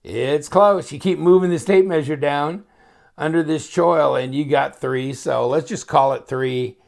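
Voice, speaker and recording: Gravelly, rambling man unboxing a knife. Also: fairly high pitch, unhurried. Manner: rambling and chatty, thinking aloud; wry, joking asides. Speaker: knife reviewer. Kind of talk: casual unboxing chat. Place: home, at his inspection table.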